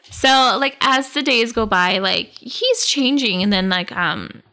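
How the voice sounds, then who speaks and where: A woman's voice: fairly high pitch, big pitch swings, slow, bright, forceful tone. A young woman chatting casually as a podcast co-host, recapping a book, laughing often and acting out the characters' lines.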